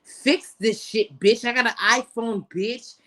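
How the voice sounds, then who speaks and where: A woman's voice: a little high, a little slow, no room sound. A woman from New York, a guest on a livestream, talking brashly and profanely in rambling bursts. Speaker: stream guest. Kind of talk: casual stream chat.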